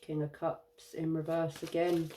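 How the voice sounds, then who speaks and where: A tired woman giving an intuitive tarot reading, musing and halting with many fillers. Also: deep voice, little pitch movement, background noise. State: tired, yawning. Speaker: tarot reader.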